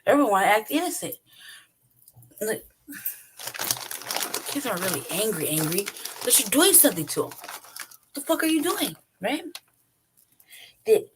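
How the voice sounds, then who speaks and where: A woman's voice: mid-range voice, breathy edge. A woman hosting her own channel, ranting bluntly and profanely in a commentary monologue, laughing between points and asking "right?". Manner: talks straight to the listener with repeated "right?". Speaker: channel host.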